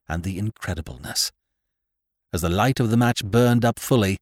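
A man reading a first-person horror story as an audiobook narrator, hushed and suspenseful, swelling on tense moments. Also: lowish voice, expressive, a little slow, no room sound, studio quality.

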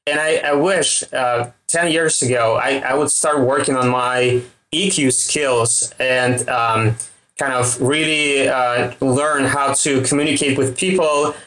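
A man's voice: medium pitch, steady tone, slow, fairly bright tone, reverberant, poor audio. A man in his thirties with a Russian accent, a startup founder answering interview questions hesitantly, with many fillers. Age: 30s.

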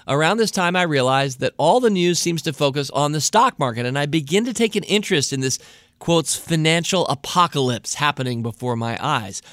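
A man's voice: fairly high pitch, fairly bright tone, dry recording, clean studio sound. A middle-aged American man hosting a podcast, reading a listener's letter aloud and breaking off to comment on it in a chatty way. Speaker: podcast host.

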